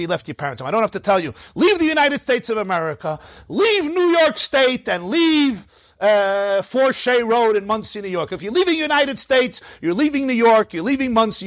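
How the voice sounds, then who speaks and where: Man, rabbi teaching a class, high voice, dry close sound, rhetorical questions, playful jokes. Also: a bit bright, dry recording. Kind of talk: Torah class lecture.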